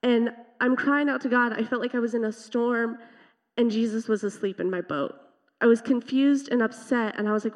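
A teenage girl shares her story from the pulpit in an earnest, reflective way. Her voice sits a little high and carries a long hall reverb. The sound is somewhat dull and muffled. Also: normal speed. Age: teens. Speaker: teen speaker at youth worship service. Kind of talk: personal testimony sermon. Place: church sanctuary.

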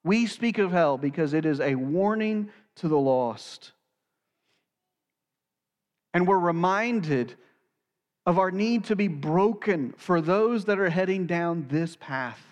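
A pastor delivers a sermon in a high, clear voice. He speaks earnestly and slows down to weigh his key phrases. The sound rings with the long reverb of a large hall.

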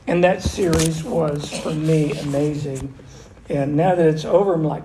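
An older man preaching a conversational sermon as pastor, animated and full of restarts. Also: on the high side, unhurried, crowd noise. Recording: echoey room with faint noise.

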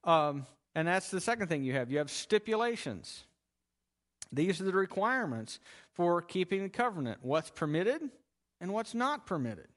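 A man's voice: high-pitched, very animated, moderate pace, a bit bright. A man teaching a Bible lesson in a conversational, emphatic way, explaining step by step.

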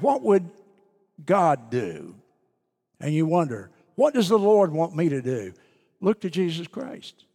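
A pastor preaches slowly and earnestly, leaning on pauses for emphasis. His voice sits a bit high, and a long reverb fills the church around him. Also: darkish tone. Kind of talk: sermon.

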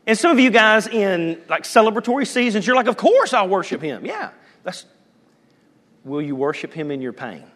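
A man preaching a sermon as pastor, moving between loud calls and hushed, almost whispered lines. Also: high-pitched, animated, normal speed, big-room sound.

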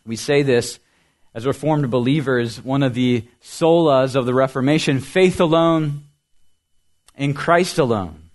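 A man preaching a sermon as pastor, building to loud emphasis and dropping to soft, quiet lines, often repeating and asking questions. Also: medium pitch, measured pace. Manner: dynamic preaching, swings from loud emphasis to soft near-whispers.

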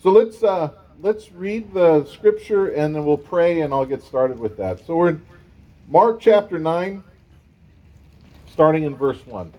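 A man's voice: on the high side, animated, measured pace, muffled recording. A middle-aged man from the San Francisco Bay Area, a pastor giving a conversational sermon with a personal story.

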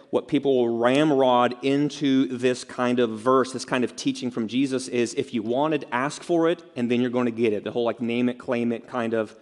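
Pastor, male, mid-pitched voice, chatty sermon delivery, long hall reverb. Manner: conversational preaching with asides and rhetorical questions.

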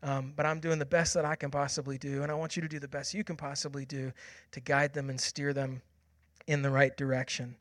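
A man in his thirties preaching a sermon, telling a personal family story and moving from hushed, quiet passages to loud, excited ones. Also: medium pitch, a little fast, dry recording. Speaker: pastor.

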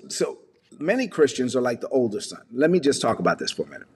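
A man preaching a sermon, retelling a parable with lively storytelling and acted-out voices. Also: medium pitch, quick pace, husky, in a large hall. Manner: animated storytelling, acting out characters. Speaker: pastor.

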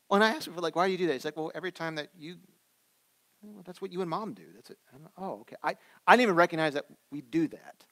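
Animated male pastor preaching. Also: on the high side, quick pace. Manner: animated and conversational, swinging from loud emphasis to soft asides. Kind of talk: sermon.

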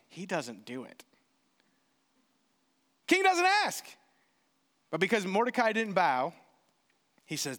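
A man preaches with a high, animated voice that leaps up and down as he acts out little exchanges. His delivery is lively and expressive. The sound carries the long reverb of a large hall. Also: measured pace, long pauses. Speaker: pastor. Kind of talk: sermon.

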